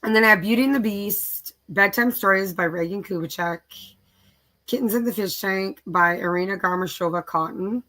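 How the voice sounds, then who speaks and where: Tired chatty mom type on a live stream mic, bright voice, just listing her projects. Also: medium pitch, normal speed. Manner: chatty, lists projects aloud, yawning and tired. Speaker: craft channel host. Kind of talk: casual live-stream chat.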